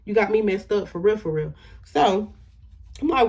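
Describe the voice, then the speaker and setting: A woman's voice: medium pitch, animated, moderate pace, darkish tone, breathy edge. A young woman telling a storytime on her vlog, indignant and emphatic, swearing freely and trailing off into "da, da, da" when she skips details. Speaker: storytime vlogger.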